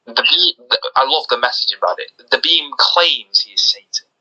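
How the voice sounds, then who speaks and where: A man co-hosting a podcast in casual chat, talking excitedly with lots of restarts. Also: medium pitch, normal speed, breathy edge, poor audio. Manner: excited, rambling with many restarts. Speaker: podcast co-host.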